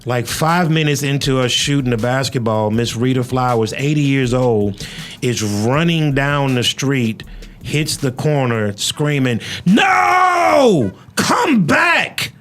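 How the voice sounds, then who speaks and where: A man's voice: mid-range voice, measured pace, a little hiss or hum. A man hosting a podcast, chatting casually and telling stories, often hunting for words with fillers. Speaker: podcast host. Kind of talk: casual interview chat with storytelling.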